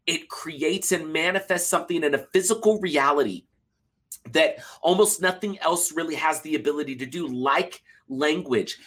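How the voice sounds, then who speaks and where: A man's voice: on the high side, a bit bright. A man co-hosting a podcast, talking casually and earnestly walking listeners through a step-by-step method. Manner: earnest, explains steps of a method. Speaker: podcast co-host. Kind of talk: casual podcast conversation and explaining.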